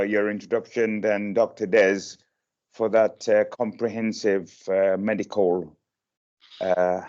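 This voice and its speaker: Slow, halting man on a call. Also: fairly low pitch, muffled recording. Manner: slow and hesitant, many uhs, emotional and animated when quoting. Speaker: guest speaker sharing his experience. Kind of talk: personal story told to an online meeting.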